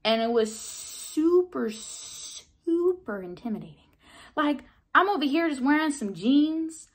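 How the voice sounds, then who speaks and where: A young woman in her twenties telling a casual vlog story, chatty, full of "like" and mild swearing, jumping into excited high bursts when she replays her own reactions. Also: slow pace. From Southern California. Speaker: vlogger.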